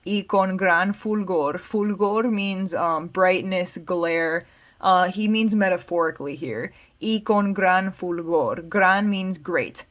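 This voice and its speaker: A woman with an American accent teaches Spanish, patiently explaining song lyrics word by word. Her voice is on the low side and her pace is slow. She keeps her explanations plain, using fillers along the way.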